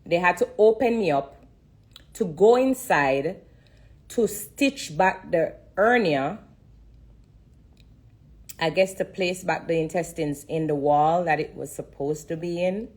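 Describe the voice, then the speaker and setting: A Jamaican woman speaks into her phone on a live stream, her voice low and husky. She is earnest and close to tears, repeating phrases again and again for emphasis as she gives her testimony. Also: takes it slowly, pauses often. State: fighting back tears.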